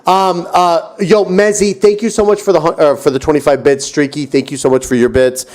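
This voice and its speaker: A man's voice: fairly high pitch, flat delivery, fairly quick, a little mellow. A man hosting a gaming stream in casual chat, upbeat, thanking viewers and tossing out "yo" and "dude". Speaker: streamer host.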